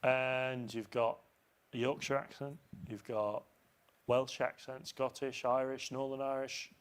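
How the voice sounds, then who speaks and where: A man's voice: mid-range voice, measured pace, smooth. A man from England hosting a live football watchalong, chatting casually and calling the play as it happens. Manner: relaxed, chatty, drifts into commentary. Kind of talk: casual chat with live match commentary.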